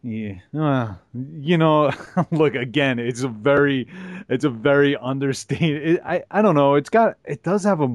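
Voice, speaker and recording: A man co-hosting a movie podcast, speaking in a halting way as he searches for words. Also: mid-range voice, no room sound, clean studio sound. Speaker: podcast co-host. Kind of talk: casual movie review chat.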